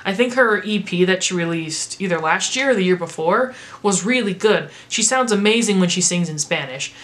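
A woman's voice: mid-range voice, expressive, moderate pace, fairly bright tone. An American woman talking casually on a vlog, rambling through her opinions as a music reviewer with lots of filler words. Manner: rambling, filler-heavy chatter.

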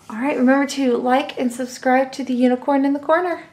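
A woman's voice: high voice, fairly quick. A woman, hosting a toy unboxing and gushing cheerfully over small toys. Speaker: toy channel host.

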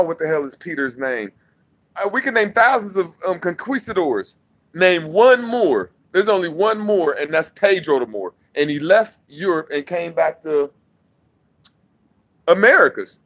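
A young man with a high, gravelly voice rants straight to camera. He is heated and mocking, repeats himself, and swings between loud outbursts and low muttering. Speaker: vlogger. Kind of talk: confrontational rant to camera.

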